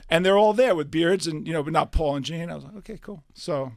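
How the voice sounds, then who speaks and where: A man's voice: fairly high pitch, fast, creaky, no echo, studio quality. An older man, a radio interview guest who tells stories animatedly and acts out the dialogue. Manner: animated storyteller acting out quoted dialogue. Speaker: guest musician. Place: radio studio.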